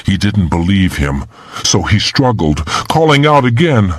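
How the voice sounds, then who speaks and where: A man's voice: very animated, a little slow, no echo. A man narrating a thriller audiobook in a dramatic, tense manner. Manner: dramatic and tense, pitch climbing in the frightening moments.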